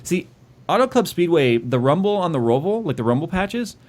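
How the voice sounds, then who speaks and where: A man co-hosts a casual tech livestream, reading viewer donations aloud. His pitch moves in a lively, animated way, and he sounds exasperated and stressed while still joking around. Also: a little fast.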